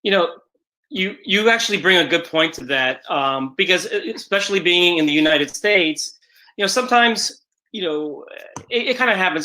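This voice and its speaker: A man's voice: on the high side, a little fast, pushed and bright, poor audio. A man hosting a virtual film festival Q&A, chatty with frequent stammered restarts. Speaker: festival Q&A host. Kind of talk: virtual Q&A moderation.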